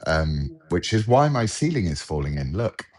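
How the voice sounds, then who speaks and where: Deep-voiced British man joking on a call. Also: sing-song, moderate pace, a little mellow. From England. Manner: joking, self-deprecating banter. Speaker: podcast co-host. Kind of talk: casual chat on a video call.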